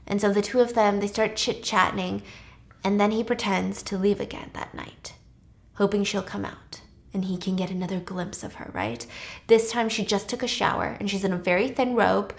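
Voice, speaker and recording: A woman casually retelling a film plot as a podcast host, chatty and animated with sarcastic asides. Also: medium pitch, moderate pace, gravelly.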